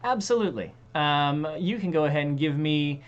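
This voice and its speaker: A woman narrating as dungeon master of a tabletop game, pausing often with ums and uhs. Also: low-pitched, expressive, dull audio. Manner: hesitant, many ums and uhs.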